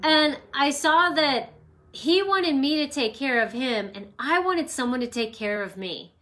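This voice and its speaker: A woman hosts an emotional wellness session from her home, talking through ideas in a loose, reflective way and weaving in personal stories. Her voice sits a little high and sounds bright and forward. The delivery is conversational and wandering rather than scripted. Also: lively intonation, a little slow. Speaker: host of an emotional wellness talk. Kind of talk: casual spoken teaching with personal stories. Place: at home with her dog nearby.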